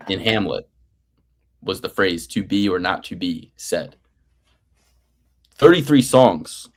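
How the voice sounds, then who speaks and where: A man in his thirties hosting a betting picks show, talking in a rambling, profane, playfully grandiose way. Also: lowish voice. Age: 30s. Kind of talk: casual podcast banter.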